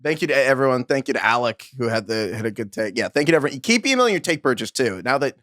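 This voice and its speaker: Young man, podcast co-host, lively pitch, swears casually, dry close mic. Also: fast talker, no room sound. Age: young adult. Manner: animated, swears casually, laughs often.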